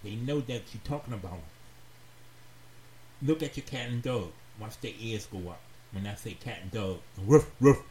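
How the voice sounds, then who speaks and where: A man hosting a radio talk show, giving heartfelt advice in a slow, earnest, preachy way and repeating phrases for emphasis. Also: lowish voice, a little mellow. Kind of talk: heartfelt advice monologue to listeners. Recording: roomy echoey sound with faint background noise.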